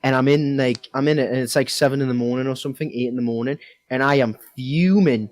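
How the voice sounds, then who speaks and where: A man's voice: medium pitch, fast talker, darkish tone. A young man with a Geordie accent telling a rambling, sweary story in casual podcast chat. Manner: rambling, heavy swearing, many fillers. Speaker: podcast co-host.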